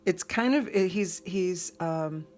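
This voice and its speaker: Tarot reader, woman, low-pitched and chatty, restarts often; faint noise underneath. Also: slow, darkish tone. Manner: rambling, conversational, frequent fillers and restarts. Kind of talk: casual tarot reading.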